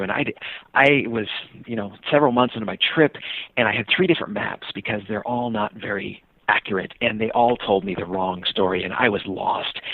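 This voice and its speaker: An American man, a guest on a podcast, telling a travel story in an animated way and acting out the voices of the people in it. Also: gravelly, slightly rough, no echo. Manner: acts out quoted voices with big pitch jumps. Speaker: guest, touring cyclist and author. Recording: dry, tinny phone-line sound.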